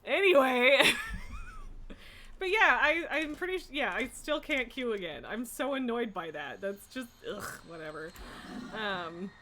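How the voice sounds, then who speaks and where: A woman's voice: fairly high pitch, very animated, measured pace, pushed and bright, a little hiss or hum. A young adult woman streaming from home, chatting casually, laughing often and teasing her cat. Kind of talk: casual live-stream chat. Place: indoors at home.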